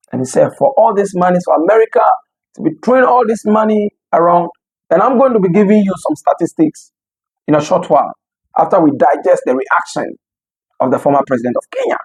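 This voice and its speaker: Husky, animated African news commentator. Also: medium pitch, low-quality recording. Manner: animated, laughs often between remarks.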